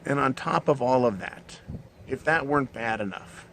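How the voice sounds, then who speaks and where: A man's voice: mid-range voice, lively intonation, normal speed, a bit bright, slight background noise. A man hosting his own show, delivering a blunt, profane, mocking monologue. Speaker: show host. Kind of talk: ranting monologue.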